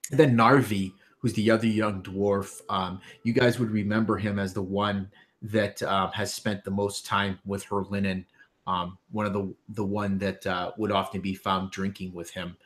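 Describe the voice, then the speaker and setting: A man's voice: low-pitched, flat delivery, moderate pace. A man running a tabletop game as game master, narrating loosely with many fillers.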